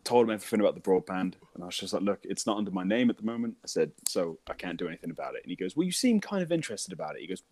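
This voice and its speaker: A man's voice: low voice, lively intonation, very fast, hardly any pauses, darkish tone, no room sound. A young British man telling a funny story in casual chat, swearing, laughing and mimicking voices.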